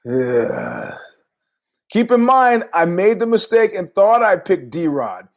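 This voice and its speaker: A man's voice: sits high, sing-song, slow. A middle-aged man hosting a podcast, telling rambling, jokey stories in a casual monologue with asides. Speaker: podcast host.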